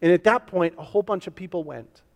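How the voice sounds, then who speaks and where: A man's voice: high voice, fast talker. A man pastor preaching a sermon in a church, earnest and repetitive, voicing the questions his listeners ask. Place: church sanctuary. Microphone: to a camera for online viewers. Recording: long hall reverb.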